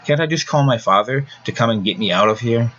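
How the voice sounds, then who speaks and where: A man voicing a distraught teenage girl patient, fearful and tearful, in a high, pleading, breathless voice. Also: lively intonation, fast, a bit bright, lo-fi sound, slight background noise, lightly acted.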